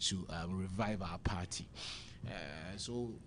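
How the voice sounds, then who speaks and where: A man's voice: low voice, measured pace, a bit bright, slight background noise. Heated preachy man on a radio panel. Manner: preachy, quotes scripture, grows heated and rhetorical. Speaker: political party member on a radio panel. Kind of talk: impassioned political commentary. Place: radio studio.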